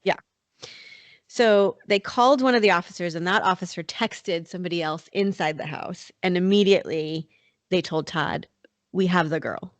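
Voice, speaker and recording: A woman with a slightly low voice tells a true-crime story to her co-host in a loose, conversational way, full of fillers. The sound is dry and close, with no room echo. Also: normal speed. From North Carolina. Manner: chatty, many fillers like "like" and "you know". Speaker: podcast host.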